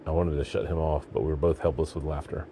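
A man reading a story aloud in a gritty, deadpan manner, breaking into shouts for the dialogue. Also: rumbling low, quick pace, a little hiss or hum. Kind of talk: audiobook narration.

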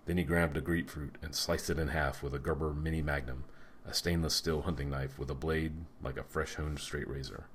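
A male narrator reading an audiobook with measured, dry delivery. His voice is extremely low, heavy and deep, and he keeps an even, unhurried tone throughout. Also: slight background noise.

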